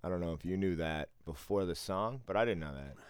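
Deep-voiced man, dry laid-back jokes. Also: expressive, a little fast, clear, resonant tone, no room sound. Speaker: casino worker. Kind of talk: casual podcast chat.

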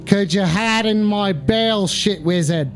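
A man putting on a comic Australian accent to read chat messages aloud, in a slow, drawn-out delivery. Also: high voice, soft background music. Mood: mock Australian.

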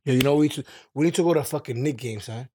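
A man's voice: medium pitch, rapid-fire, a little mellow, slight background noise. A man co-hosting a podcast, trading banter and ranting, full of profanity. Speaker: podcast co-host. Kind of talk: casual chat.

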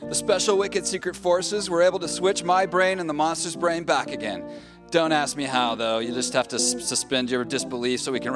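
A dopey comic spy hero cracks lazy jokes, as a man plays him. His voice sits high, and music plays under this comedy audio drama. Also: close to an everyday voice. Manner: goofy, laid-back wisecracking.

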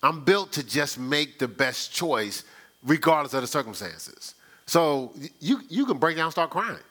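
A man's voice: a little high, big pitch swings, unhurried, fairly bright tone. A man preaching a conversational sermon, telling stories in a folksy, chatty way and often repeating himself. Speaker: pastor. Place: church sanctuary.

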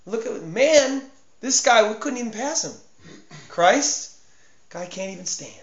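Impassioned high-voiced preacher in an echoey room. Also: male voice, lively intonation, a little slow. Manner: impassioned, swinging from hushed to shouting; repeats and stumbles over words for emphasis. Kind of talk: sermon. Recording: echoey room, dull lo-fi sound.

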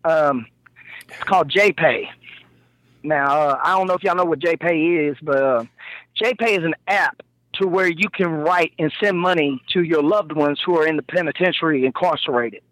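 Man, high voice, blunt and lecturing, dry close sound. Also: moderate pace, a bit bright, no echo, poor audio. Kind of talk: casual chat.

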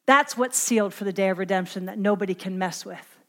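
A woman's voice: mid-range voice, fairly quick. A middle-aged woman preaching a sermon in an emphatic, conversational way, asking her listeners to fill in the words.

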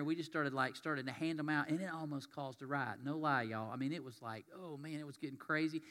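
A man delivering a sermon in a church, talking in a folksy, conversational way. His voice sits fairly high and bright. The sanctuary gives it a long, ringing reverb. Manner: folksy, conversational, reads scripture aloud. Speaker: pastor.

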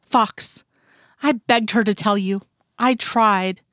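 Woman reading a soft-spoken worried older mother, consoling, mid pitch, dry sound. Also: steady tone, takes it slowly, no echo. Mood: gentle.

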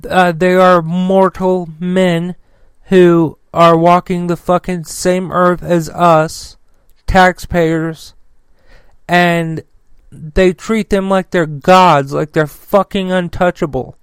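A man hosts a political news commentary podcast in a fairly high, crisp voice. The sound is dry and close. He talks bluntly and swears freely, and reads the news haltingly with many fillers. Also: flat delivery, no echo. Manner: profane, blunt. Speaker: podcast host.

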